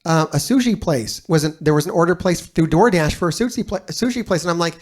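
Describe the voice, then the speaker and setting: A man's voice: fairly high pitch, expressive, fast. A man giving casual reaction commentary as a streamer, telling a rambling story full of swearing.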